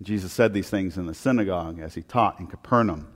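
A man preaching a sermon in an animated, joking way, swinging from loud punchy lines to very quiet ones. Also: deep voice, fast talker, long reverb tail. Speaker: pastor.

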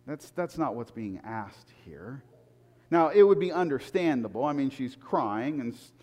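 Dynamic preacher in a reverberant hall. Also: male voice. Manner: dynamic, swinging from loud emphatic peaks to hushed low asides; conversational and humorous, with repeated words. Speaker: pastor. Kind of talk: sermon.

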